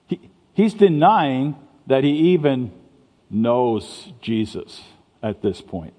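Speaking slowly with lively intonation, this pastor has a mellow, medium-pitched voice. His sermon is conversational, full of stammered restarts, and the church sanctuary gives it a long, hall-like reverb.

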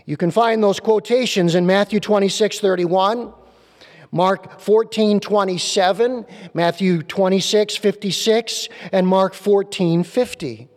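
A male pastor preaching a sermon in a church, emphatic and repeating key phrases slowly. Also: sits high, a little mellow. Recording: long reverb of a large hall.

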